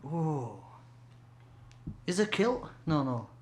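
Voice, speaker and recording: A man's voice: on the high side, very animated, very slow. A man co-hosting a casual podcast, joking and swearing in playful banter. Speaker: podcast co-host. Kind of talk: casual chat. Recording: echoey room with faint noise.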